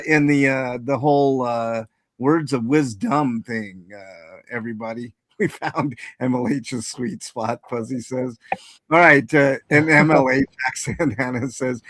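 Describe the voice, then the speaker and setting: A man's voice: medium pitch, takes it slowly, bright, forceful tone, no room sound. A man hosting a live stream, rambling casually and reading out chat with self-mocking humor. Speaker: stream host.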